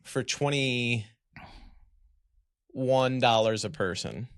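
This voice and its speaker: Male podcast guest, mid-pitched, dry close sound, rambling anecdotes. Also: extremely slow, a bit bright, dry recording. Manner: rambling, self-deprecating storytelling. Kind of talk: casual storytelling chat.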